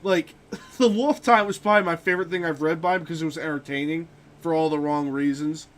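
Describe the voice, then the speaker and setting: Streaming a game, this young man talks at a fairly quick clip in a fairly high voice with fairly even intonation. His casual chat turns into profane rants about the books he has read.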